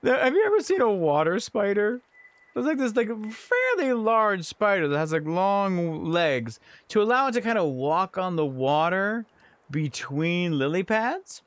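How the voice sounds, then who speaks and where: A young man streaming, telling a funny story in casual chat, animated and laughing often. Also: high-pitched, unhurried, no room sound. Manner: animated, laughs often, acts out quoted voices.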